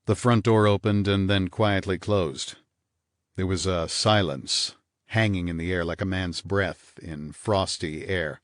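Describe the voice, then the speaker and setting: A man reading a hardboiled first-person crime novel aloud in a measured, dry delivery. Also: low-pitched, fairly even intonation, no room sound. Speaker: audiobook narrator. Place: studio booth.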